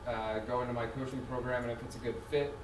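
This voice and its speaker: A man from a seminar audience tries out a sales pitch on the spot, hesitant and full of small fillers. His voice sits at an ordinary pitch and comes from far off, with plenty of room echo and background noise around him. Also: flat delivery, quick pace. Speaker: seminar attendee with a coaching business. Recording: distant, echoey, noisy hall.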